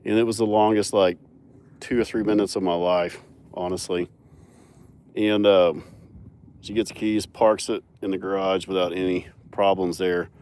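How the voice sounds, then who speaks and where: A young man telling animated, laughing stories outdoors on a mountain farm, filmed on a phone. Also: low-pitched, moderate pace, clean tone. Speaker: farmer and animal owner. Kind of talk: casual storytelling vlog.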